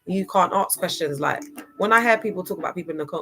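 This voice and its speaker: A woman's voice: lowish voice, fast talker, bright, forceful tone. Woman, casual livestream host, chatty, laughs a lot, faint music underneath. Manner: chatty, laughs often, spells out words.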